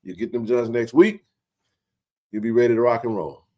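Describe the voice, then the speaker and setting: A man's voice: medium pitch, normal speed. Joking male talk host. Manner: animated, joking, colloquial. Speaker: sports talk show host. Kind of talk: casual livestream chat.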